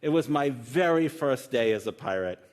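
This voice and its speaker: A man voicing an old male pirate in a spoken joke, deliberately with no pirate accent, telling tall tales in a matter-of-fact way on a conference stage. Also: medium pitch, lively intonation, darkish tone, close to an everyday voice. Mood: deadpan. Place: conference stage with live audience.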